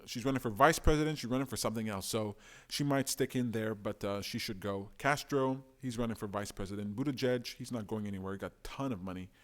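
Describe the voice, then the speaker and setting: A man hosting a live stream, giving opinionated, animated commentary and reading out viewer comments. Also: on the low side, fast. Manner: opinionated, animated, talks to chat.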